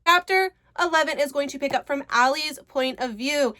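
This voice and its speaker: A woman's voice: high-pitched, fairly quick, few pauses, fairly bright tone. A woman casually recapping a book, chatty, retelling scenes and quoting characters' lines. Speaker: book reviewer.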